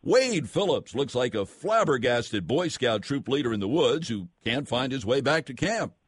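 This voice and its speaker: A man cohosting a radio show, reading out jokes in a deadpan way. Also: mid-range voice, normal speed, slightly rough, dry recording.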